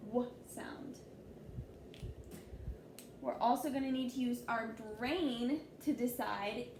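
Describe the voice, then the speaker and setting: A young woman teaching young children a phonics lesson, sounding out letters slowly and praising them often. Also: fairly high pitch, background noise. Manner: slow, exaggerated sounding-out of letters; encouraging, praising. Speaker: kindergarten teacher.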